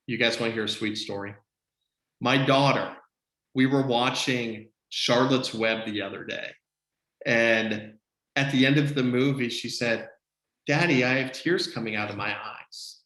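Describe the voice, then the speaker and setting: Energetic male coach, echoey room. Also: medium pitch, measured pace. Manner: energetic, emphatic, preacher-like repetition. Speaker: business coach. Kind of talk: motivational team-meeting talk. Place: online video call.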